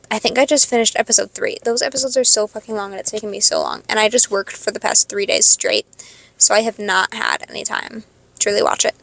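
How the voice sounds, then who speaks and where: A high school senior girl in her late teens, rambling casually in a stream-of-consciousness monologue, swearing freely and second-guessing herself. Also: fairly bright tone, no room sound. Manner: rambling, swearing, self-questioning. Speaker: podcast host.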